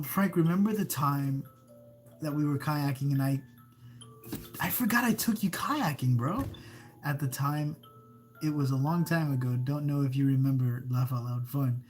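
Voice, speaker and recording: A man's voice: a little high, moderate pace. A man hosting a casual live stream of creepy stories, rambling, breaking off mid-sentence and reading viewer comments aloud. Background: faint background music.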